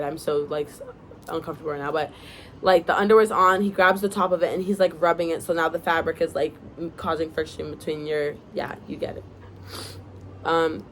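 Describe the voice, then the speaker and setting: A woman's voice: fairly low pitch, slight background noise, low-quality recording. A young woman casually reading her own story aloud to viewers, breaking off into giggly, chatty asides.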